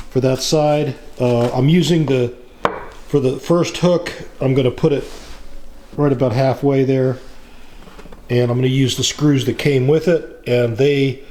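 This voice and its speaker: A middle-aged man narrating his woodworking project in a casual, plain-spoken way, pausing often with fillers. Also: medium pitch, darkish tone, slight background noise. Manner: slow, plain-spoken, with frequent pauses and fillers. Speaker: woodworking channel host.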